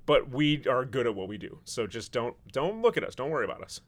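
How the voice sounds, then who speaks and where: A man's voice: medium pitch, big pitch swings, brisk. A man who is a chef, hosting a casual podcast chat with a wry, sarcastic, rambling manner.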